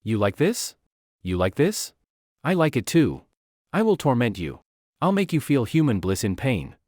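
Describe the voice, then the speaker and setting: A man voicing an obsessive young female vampire, clingy and menacing, in a lively, dry recording. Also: medium pitch, moderate pace, dry recording. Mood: possessive. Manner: clingy, then coldly possessive.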